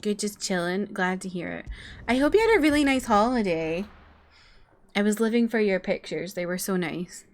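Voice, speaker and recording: A woman's voice: mid-range voice, animated, normal speed. A young woman streaming a game, chatting with viewers in a bubbly, casual way, full of likes and laughs. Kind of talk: casual chat.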